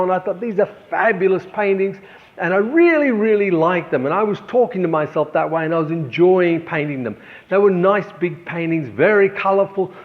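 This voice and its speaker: A middle-aged man with an Australian accent telling a personal story as an art teacher, earnest and animated as he voices his own inner thoughts. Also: sits high. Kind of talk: talking to camera about art practice. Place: art gallery. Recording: slightly dull, lo-fi sound.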